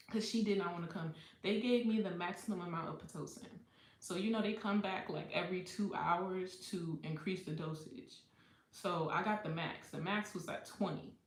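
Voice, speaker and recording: A woman's voice: medium pitch, reverberant. A woman hosting a livestream, telling a personal story in a candid, profane way and laughing often. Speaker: livestream host. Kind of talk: casual storytime chat.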